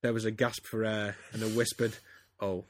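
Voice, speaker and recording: A man's voice: lowish voice, monotone, fairly quick, no echo, studio quality. A man, a podcast host giving a theatrical comic reading of a story. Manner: reads theatrically, breaks into laughter. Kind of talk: comedic dramatic reading.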